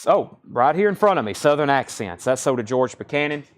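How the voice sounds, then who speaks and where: A man hosting a live-streamed record sale, reading out titles, prices and bids in brisk auctioneer-style calls. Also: medium pitch, lively intonation. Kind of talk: live-stream sales patter.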